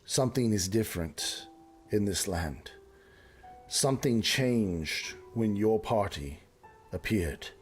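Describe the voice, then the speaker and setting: A man's voice: on the low side, lively intonation, faint music behind. Man voicing a grave, solemn nobleman. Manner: slow, grave, formal speech. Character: solemn noble man bound to dark powers.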